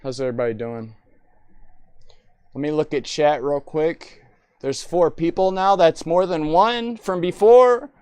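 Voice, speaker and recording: A woman's voice: low-pitched, measured pace, a little mellow, smooth, no echo. A young woman live-streaming and chatting casually, talking in a playful, rambling, silly way.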